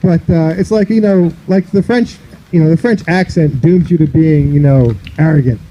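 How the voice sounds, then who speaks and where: A man's voice: on the high side, moderate pace, warm tone, a little hiss or hum, rough recording. A man from the northern United States doing a loose, rambling stand-up comedy set on an outdoor park stage, filling his talk with "you know".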